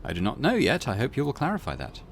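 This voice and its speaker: A man voicing a calm, polite male player character in a game, measured delivery. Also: medium pitch, vocal fry, a little hiss or hum, pitched above the performer's own voice.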